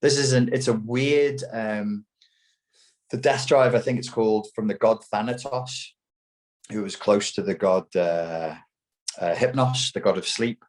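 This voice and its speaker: A man's voice: lowish voice, unhurried. A man as an interview guest, talking emphatically and mockingly, with plenty of swearing. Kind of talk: heated opinionated talk.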